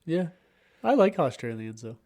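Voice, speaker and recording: A man's voice: medium pitch, very animated, normal speed, darkish tone. A young man co-hosting a podcast, laid-back and agreeable, chuckling along in crude casual banter. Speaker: podcast co-host.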